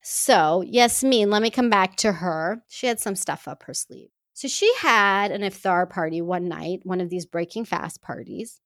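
A woman's voice: medium pitch, a little slow, hardly any pauses, no room sound, clean studio sound. Earnest woman telling a personal story. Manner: earnest, heartfelt, expressive. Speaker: speaker addressing women listeners.

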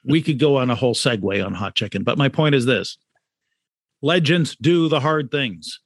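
A man talks through his ideas on brand and identity in a steady middle register. He leans on repetition and rhetorical questions to drive home each point. The sound is close and dry, with no room around it. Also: mid-range voice, normal speed, no echo. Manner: emphatic, repeats key points, rhetorical questions. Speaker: author and brand consultant, guest. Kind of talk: conversational podcast interview.

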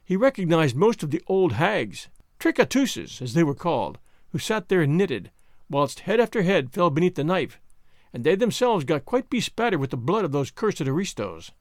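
Expressive male audiobook narrator. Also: a little high, normal speed, no echo, studio quality. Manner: expressive reading. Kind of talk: scripted narration of a classic novel.

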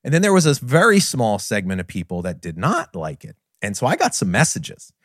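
A middle-aged man hosting a podcast, candidly retelling a personal story in an earnest, animated way. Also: on the low side, brisk, no room sound, clean studio sound. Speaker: podcast host and business trainer.

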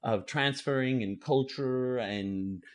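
A man voicing a brisk male school guide who gives rambling, bossy speeches in a tabletop game. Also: medium pitch, lightly acted. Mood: pompous.

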